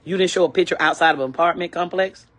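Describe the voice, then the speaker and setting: Fast and lowish, with a fairly bright tone, an older woman vents an angry complaint on her vlog. She circles back to the same points, indignant and preachy.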